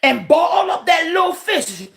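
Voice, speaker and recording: A woman pastor, preaching a livestreamed sermon, often shouting and punctuating her lines with "uh" and "huh". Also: extremely high pitch, big pitch swings, measured pace, creaky. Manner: shouting, preaching with rising intensity and "uh" and "huh" fillers.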